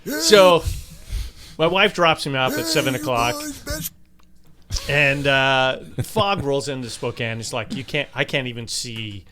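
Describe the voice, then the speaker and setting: A man's voice: mid-range voice, lively intonation, a little slow, pushed and bright. An older man co-hosting a casual podcast, telling stories with jokes and laughter. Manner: joking storyteller, laughs often. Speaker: podcast co-host. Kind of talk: casual chat.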